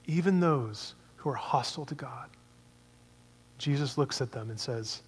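A man's voice: medium pitch, a little slow, breathy edge, big-room sound. A man preaching a sermon in a conversational way, asking many rhetorical questions.

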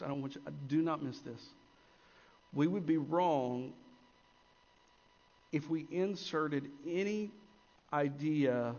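A man preaching a sermon as pastor, swinging between emphatic rises and quiet, intense drops. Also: a little high. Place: church sanctuary. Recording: long church reverb, dull lo-fi sound.

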